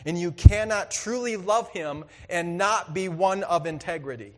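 A high-pitched man delivers a sermon in an earnest, conversational style that now and then swells into loud emphasis. His voice rings with a long reverb, as in a large hall. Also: a little slow. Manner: earnest, conversational preaching with sudden loud bursts. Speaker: pastor.

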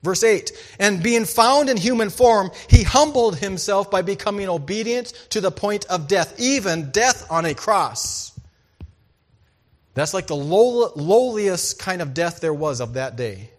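A man preaching a sermon, reading scripture and telling farm stories, swinging between loud emphasis and hushed asides. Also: high voice, unhurried. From farming background. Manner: storytelling, animated, shifts between loud and hushed. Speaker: pastor.

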